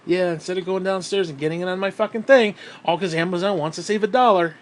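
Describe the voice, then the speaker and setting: Out of breath guy from new york ranting, swears nonstop, bitter, voice pretty high. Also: quick pace. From New York State. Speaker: vlogger. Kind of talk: ranting vlog monologue.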